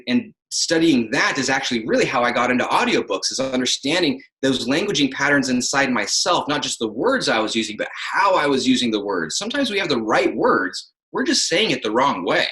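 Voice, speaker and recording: A man's voice: mid-range voice, bright, forceful tone, roomy sound, poor audio. A man who narrates audiobooks, talking in a podcast interview and acting out example phrasings as he explains.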